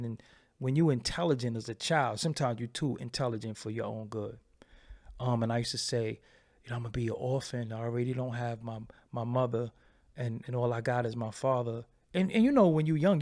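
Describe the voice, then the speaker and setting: A man with a gravelly, fry-edged voice shares a personal story with his viewers. His talk is candid and profane, and it comes in halting bursts that loop back on themselves. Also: mid-range voice, fairly even intonation, darkish tone. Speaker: channel host.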